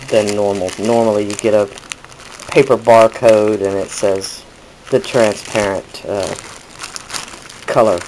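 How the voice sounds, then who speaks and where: A man's voice: on the low side, darkish tone, a little hiss or hum, low-quality recording. A man hosting a casual crafting tutorial, chatting and correcting himself as he demonstrates. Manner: chatty, rambling with self-corrections.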